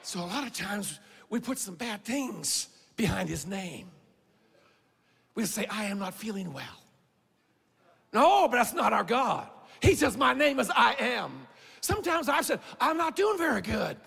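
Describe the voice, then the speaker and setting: A male pastor preaching a fervent sermon, shouting out lines and then dropping low. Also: very animated, measured pace, gravelly, slightly rough, in a large hall. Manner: fervent preaching, swings between shouting and quiet. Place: church sanctuary.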